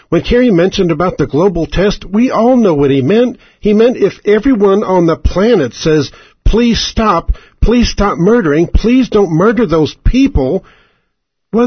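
Furious husky man ranting on radio. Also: high-pitched, no echo. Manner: furious, profane, mocking, shouting rhetorical questions. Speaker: radio host. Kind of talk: angry political radio rant. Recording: dry, dull lo-fi radio sound.

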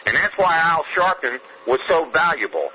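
A man's voice: fairly high pitch, animated, normal speed, muffled recording, slight background noise. A man from Georgia, calling in to a radio show with a fiery, profane, emphatic rant. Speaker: caller. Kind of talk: angry phone-in rant.

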